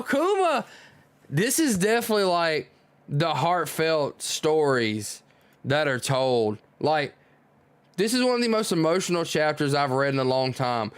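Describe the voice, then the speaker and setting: A man streaming a live manga reading, reacting out loud with excitement and musing as he reads. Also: on the high side, unhurried, smooth, no room sound. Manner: excitable, exclaims and muses aloud.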